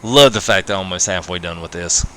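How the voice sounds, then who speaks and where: A deep-voiced man speaks fast in a pushed, bright way, with a little hiss or hum behind him. He's livestreaming a farming game late at night, giving casual commentary to viewers. Easygoing and quick to laugh, he keeps saying "man" after his phrases.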